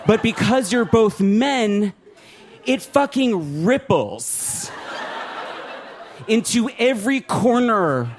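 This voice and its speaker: Man, stand-up comic, high voice, very lively pitch, profane, self-mocking, club stage. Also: takes it slowly, pauses often, slight background noise. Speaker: stand-up comedian. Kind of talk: stand-up comedy set. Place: comedy club stage before a laughing audience.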